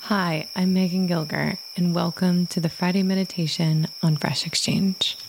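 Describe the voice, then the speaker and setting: Gentle, slightly scratchy-voiced woman host. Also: lowish voice, fairly even intonation, normal speed, creaky. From Michigan, USA. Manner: gentle, rambling, reflective. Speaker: podcast host. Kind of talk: casual meditation podcast intro.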